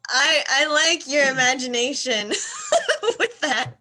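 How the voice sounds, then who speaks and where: Brief: woman host on a video call, bright, higher voice, giggly. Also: huge pitch swings, takes it slowly. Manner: giggly, laughs often. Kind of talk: casual video-call chat.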